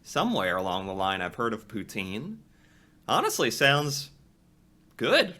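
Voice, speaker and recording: Lively, bright-voiced musing man. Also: mid-range voice, a little slow. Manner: musing, thinks aloud with restarts. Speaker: reaction video creator. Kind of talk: casual reaction commentary.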